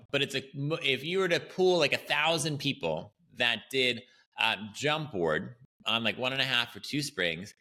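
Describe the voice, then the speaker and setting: A man hosting an educational podcast, talking casually and animatedly as he explains training ideas, often checking in with "right?". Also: mid-range voice. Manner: animated and chatty, often tags lines with "right?". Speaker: podcast host and Pilates educator.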